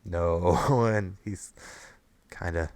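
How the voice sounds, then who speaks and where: A man's voice: deep voice, very slow, no room sound. A man hosting a fan podcast, recapping an episode in casual chat and laughing often. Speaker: podcast host.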